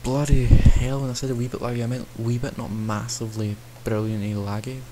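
A man's voice: lowish voice, steady tone, fast, heavy background noise. A young man, rambling and joking at himself in casual let's-play commentary at his computer mic. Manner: rambling, self-mocking, talks to himself while playing. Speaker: gaming channel host.

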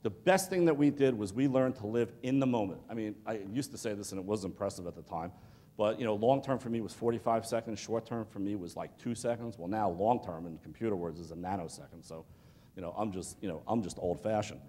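A man in his fifties giving an animated leadership talk to a student audience, telling stories and acting out the people in them. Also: fairly low pitch, fairly quick. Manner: animated storytelling with acted-out quotes. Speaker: motivational speaker. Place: large hall. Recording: long hall reverb.

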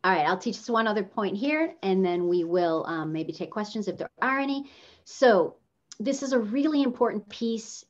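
A woman coaching a workshop on video presence, talking casually and changing her pitch up and down to demonstrate intonation. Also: animated, moderate pace, dull audio. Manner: casual, with fillers. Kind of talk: teaching workshop.

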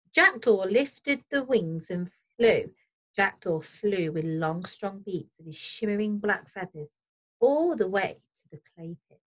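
Woman teacher, storybook read-aloud, very lively pitch, gentle and explaining. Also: rough recording. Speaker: primary school teacher.

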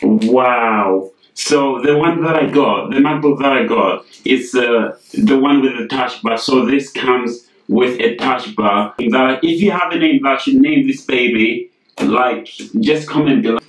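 A man's voice: medium pitch, a little slow, distant mic. A young man gushing through an unboxing vlog. He keeps exclaiming and repeating himself. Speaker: vlogger. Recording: echoey room, voice off mic, faint noise.

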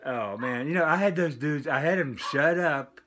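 An older man casually showing off a package of vinyl records, rambling with lots of filler pauses. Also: on the high side, background noise. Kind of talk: casual unboxing vlog. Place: home with dogs barking nearby.

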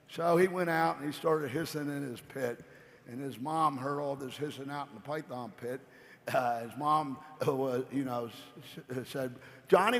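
A man giving a playful, rambling motivational story on stage at a convention. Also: a little high. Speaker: company founder speaking on stage. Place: large convention hall stage. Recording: echoey convention hall.

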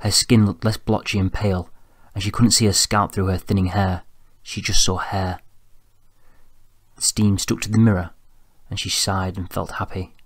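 A man reading an audiobook in an even, measured storytelling voice, close to the mic. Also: low-pitched, no room sound. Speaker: audiobook narrator. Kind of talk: scripted narration.

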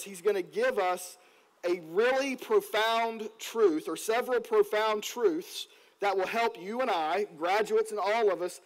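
A male pastor delivering a sermon, telling stories earnestly and slowing down to read scripture. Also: high-pitched, rough recording. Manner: earnest storytelling, slows down on scripture.

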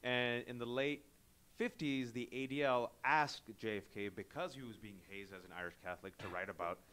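Male interviewer, animated and wry, live bookstore chat. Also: mid-range voice, clear, resonant tone. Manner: animated, joking asides, quick digressions. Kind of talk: conversational book interview. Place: bookstore event space.

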